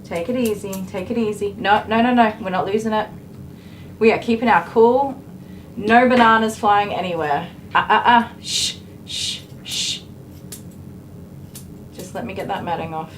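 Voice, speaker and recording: An Australian woman talks gently and steadily as she coaxes a dog through a grooming, her pitch sitting in an ordinary middle range. Between soothing words to the animal she chats with her live-stream viewers, with a faint noise underneath. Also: moderate pace, rough recording. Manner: soothing, coaxing talk to a dog, chatting to viewers.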